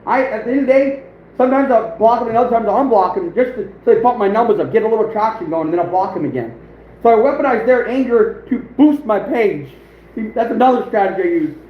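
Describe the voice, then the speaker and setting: A man's voice: high-pitched, expressive, quick pace. A man from the United States hosting an outdoors livestream, chatting casually in a rambling, boastful way and chuckling often. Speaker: outdoors channel host, livestreaming. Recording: roomy, dull lo-fi sound with faint noise.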